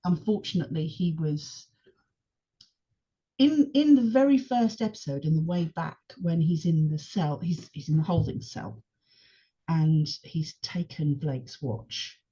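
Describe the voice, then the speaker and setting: A woman speaking as a podcast guest in casual chat, engaged and animated as she retells scenes. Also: low-pitched, unhurried, husky. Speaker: podcast guest, longtime fan. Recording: dull lo-fi podcast audio.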